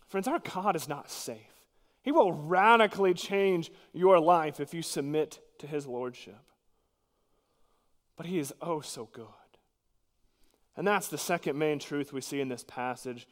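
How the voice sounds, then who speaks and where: Earnest preacher in a reverberant church. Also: male voice, fairly high pitch, measured pace. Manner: earnest, emphatic preaching with sudden drops to quiet. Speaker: pastor. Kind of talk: sermon.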